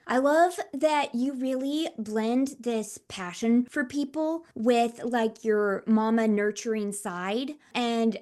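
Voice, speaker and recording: A woman's voice: on the high side, slow, hardly any pauses, a little mellow. A woman hosting a podcast, introducing her guest and asking questions in an upbeat, encouraging way. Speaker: podcast host. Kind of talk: podcast interview.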